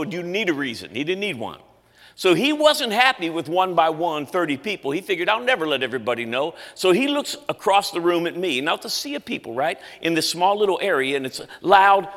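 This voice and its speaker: Man preacher, bright tone, lively storyteller, echoey church hall. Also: fairly high pitch. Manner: animated storyteller, acts out voices. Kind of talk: storytelling sermon.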